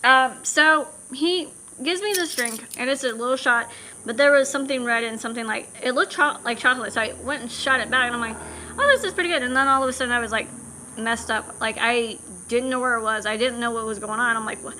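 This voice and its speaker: A woman's voice: fairly high pitch, fairly even intonation, a little fast, pushed and bright, slight background noise. A woman vlogger candidly telling a personal story, blunt and swearing, acting out what people said.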